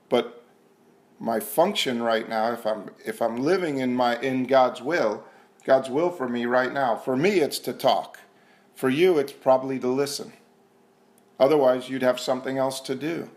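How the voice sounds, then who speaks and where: An earnest man shares at a recovery meeting, talking to a room full of people. His pitch sits in the middle, and he speaks conversationally, often questioning himself. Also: unhurried, darkish tone.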